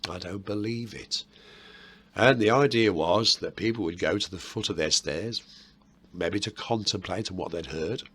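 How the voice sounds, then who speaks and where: A low, husky-voiced man with a Birmingham accent talks to camera about history. His delivery is chatty and meandering, and he drops in playful asides as he explains things. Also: moderate pace, fairly bright tone. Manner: chatty and rambling, with self-mocking asides. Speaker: history video host.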